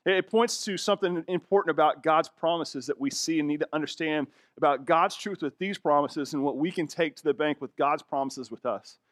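A man's voice: a little high, fairly quick, few pauses, no room sound, clean studio sound. A man preaching a sermon as a pastor, reading scripture and explaining it in a conversational, emphatic way.

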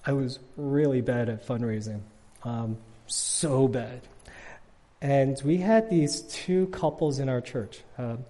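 A middle-aged man giving a casual, conversational sermon with lots of fillers, loudly acting out the people in his stories. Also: mid-range voice, takes it slowly, long reverb tail. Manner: casual, chatty, frequent fillers, acts out quotes loudly. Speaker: guest preacher.

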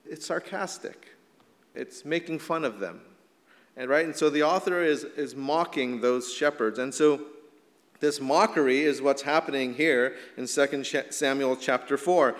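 A middle-aged male pastor preaching a casual, animated sermon with many fillers. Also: medium pitch, normal speed, in a large hall.

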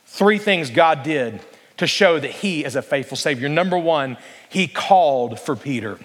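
Man, pastor, high-pitched, earnest sermon, prompts congregation responses, long echoing hall reverb. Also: animated, a bit bright. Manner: earnest preaching, slows down to read scripture aloud, asks the congregation to respond.

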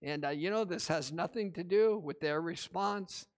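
Guy preaching a sermon, higher voice, says uh a lot, gets loud on the big lines. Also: moderate pace. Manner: many "uh" fillers, animated storytelling with rising emphasis. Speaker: pastor.

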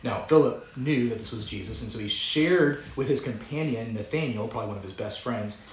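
A man's voice: mid-range voice, brisk. Playful man preaching in a roomy church. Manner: conversational, playful preaching with frequent chuckles. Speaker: pastor. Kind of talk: sermon. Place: church sanctuary.

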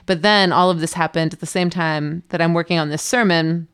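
A woman's voice: lowish voice, fairly quick, smooth. A woman pastor in her thirties, sharing reflections and personal stories in an earnest, storytelling way. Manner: earnest, storytelling, animated quotes. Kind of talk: reflective faith chat.

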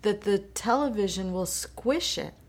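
A woman actor speaking thoughtfully in conversation, pausing with fillers and restarts. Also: medium pitch, animated. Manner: hesitant, thoughtful, many fillers. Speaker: actor guest. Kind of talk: casual conversation.

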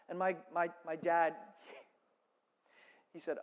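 A man's voice: high-pitched, unhurried, pauses often. A male pastor preaching a sermon with rising fervor and repeated phrases. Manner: impassioned, builds to loud preaching with repeated phrases. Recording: long reverb of a worship hall.

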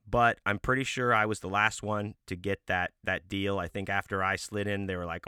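A man hosting his own podcast, telling a comic story in a deadpan, mock-serious way and drawing out words for emphasis. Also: lowish voice, fairly quick, smooth, dry recording, clean studio sound. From United States. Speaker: podcast host.

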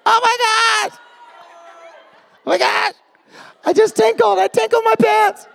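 A man voicing a giddy teenage girl with a crush, squealing with excitement. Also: extremely high pitch, very fast, big-room sound, crowd noise, noisy background, pitched above the performer's own voice.

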